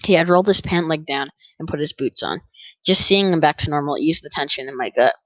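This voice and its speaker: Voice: mid-range voice, brisk, a bit bright, no room sound, poor audio. An audiobook narrator reading a first-person story in an easygoing way, with small stumbles and rereads.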